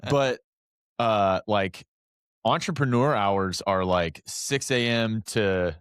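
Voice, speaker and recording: A man's voice: on the low side, slow, smooth, dry recording, studio quality. A young man co-hosting a podcast, chatting in a laid-back, rambling way and swearing casually. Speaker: podcast co-host. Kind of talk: casual chat.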